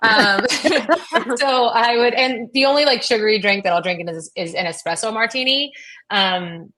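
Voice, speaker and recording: A woman's voice: on the high side, a little slow, sharp tone. A middle-aged woman telling a rambling personal story in casual chat, full of fillers and quoted dialogue. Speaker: guest.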